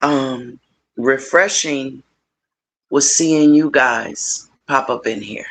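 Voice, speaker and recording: A middle-aged woman hosting a casual livestream, warmly encouraging her viewers and talking to them directly. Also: takes it slowly, slight background noise. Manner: warm, encouraging, animated with big pitch swings; playful, addresses viewers directly. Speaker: livestream host.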